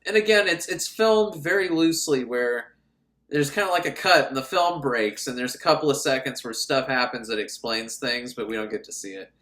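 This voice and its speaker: A man's voice: medium pitch, moderate pace, fairly bright tone. A man recapping an old film in a sarcastic, mocking way and acting out the characters. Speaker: film reviewer. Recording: roomy echo.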